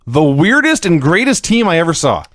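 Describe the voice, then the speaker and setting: A man's voice: fairly high pitch, big pitch swings, normal speed, fairly bright tone, dry recording. A man co-hosting a podcast in casual chat, recapping things with dry, sarcastic humor. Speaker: podcast co-host.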